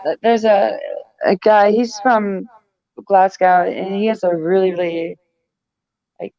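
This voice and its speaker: A woman's voice: medium pitch, level tone, takes it slowly, dark tone, muffled recording. A woman on a casual stream as a guest, speaking hesitantly.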